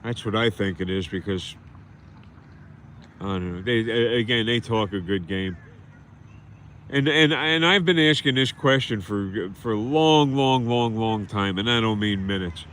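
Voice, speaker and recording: A man's voice: mid-range voice, fairly bright tone, a little hiss or hum. A man hosting a livestream, ranting bitterly and scornfully and repeating himself in a rambling monologue. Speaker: livestream host.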